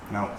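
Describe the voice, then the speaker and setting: A man working as a dog trainer, giving calm commands and quick praise, shushing as he explains each step of the demonstration. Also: very high voice. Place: indoor building with an elevator. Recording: echoey room with steady background noise.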